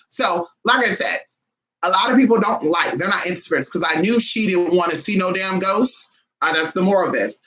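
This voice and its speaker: A woman's voice: a little fast, a crowd in the background, poor audio. A woman spiritualist telling a casual story to her viewers, blunt and profane, acting out other people's lines in swooping voices. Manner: animated, blunt and profane, acts out others' lines with big pitch jumps. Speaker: spiritualist vlogger.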